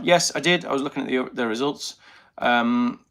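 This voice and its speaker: A man's voice: mid-range voice, normal speed, fairly bright tone. A middle-aged man with a slight Birmingham accent, hosting a casual live-stream chat from a small home alcove and rambling through viewer comments with lots of ums. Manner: rambling, reads viewer comments aloud, many fillers. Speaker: channel host. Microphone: headphone mic on a live stream.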